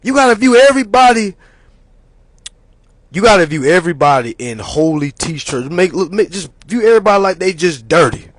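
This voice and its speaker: A man's voice: high-pitched, moderate pace, no room sound. A man hosting his own channel, telling a story in a casual monologue and acting out the other people in it. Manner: animated, acts out other people's voices. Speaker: channel host.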